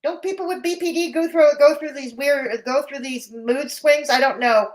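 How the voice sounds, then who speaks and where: A woman's voice: high voice, normal speed. A woman hosting a live commentary stream, blunt and mocking in tone, with a Canadian accent. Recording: roomy echo.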